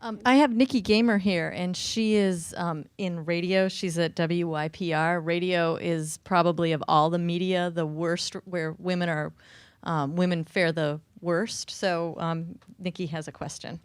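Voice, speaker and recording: A woman moderating a forum and introducing an audience questioner, unhurried, with fillers. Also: lowish voice, fairly even intonation, clear, resonant tone, no echo.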